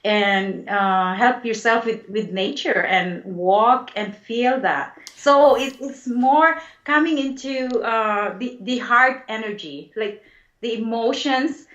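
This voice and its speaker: A woman guest, a spiritual healer, answering interview questions in a gentle, reflective way and laughing easily. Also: a little high, slow pace. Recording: dull lo-fi sound in an echoey room.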